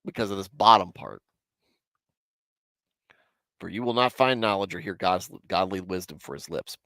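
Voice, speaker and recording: A man's voice: low voice, moderate pace, pushed and bright, no echo, studio quality. A man in his forties hosting a casual Bible commentary livestream, self-deprecating and candid as he answers his chat. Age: 40s. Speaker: host of a Bible commentary show.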